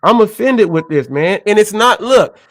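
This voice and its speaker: On his gig-economy show, an adult Californian father rants in heated live commentary, full of indignation and emphatic repetition. He has a high, animated voice at a moderate pace, with no echo in the recording.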